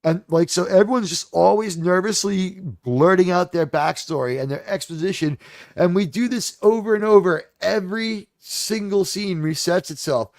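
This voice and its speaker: A man hosting a livestream, ranting casually about shows and films in a profane, exasperated, animated way. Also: high-pitched, normal speed, no echo, clean studio sound. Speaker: livestream host.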